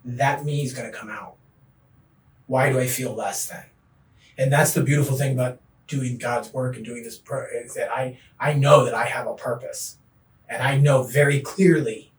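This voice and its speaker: A middle-aged man, a podcast guest, telling his recovery story in an earnest, animated way. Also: medium pitch, distant mic, a little hiss or hum. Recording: echoey room, voice off-mic.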